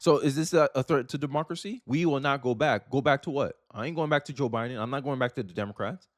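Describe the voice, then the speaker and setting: A young man in his twenties hosting casual political commentary, talking in an animated, sarcastic and colloquial way. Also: mid-range voice, fast talker, some chatter behind. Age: young adult, 18 to 29.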